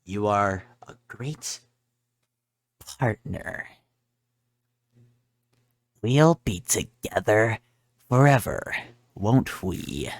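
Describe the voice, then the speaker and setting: A man voicing a cold sinister spirit of a dead child in a gruff, low, slow growl for a video game. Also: animated, heavily acted. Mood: menacing.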